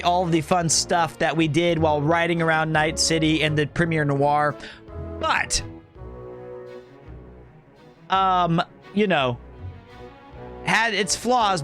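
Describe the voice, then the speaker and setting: Between puzzles in a video game stream, a man rambles in a relaxed, chatty way, speaking to his chat. His voice is a little high and a bit bright.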